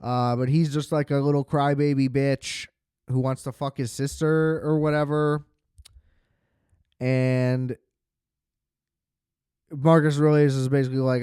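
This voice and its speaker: Smooth, dry-sounding podcast host rambling sarcastically. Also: male voice, mid-range voice, level tone, a little slow, pauses often, dark tone, no room sound. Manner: rambling, sarcastic, swears freely, many fillers. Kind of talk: casual film review monologue.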